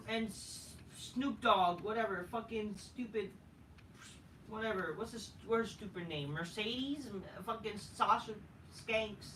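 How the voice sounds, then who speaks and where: A man giving a profane, dismissive ranting review of a wrestling show, with halting restarts. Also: sits high, sharp tone. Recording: roomy echo, distant mic, faint noise.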